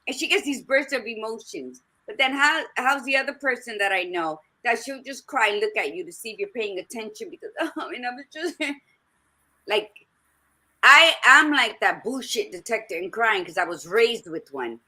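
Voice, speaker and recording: Bright, blunt woman telling stories. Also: fairly high pitch, normal speed. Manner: blunt, animated storytelling with profanity. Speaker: podcast co-host. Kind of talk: casual conversational discussion.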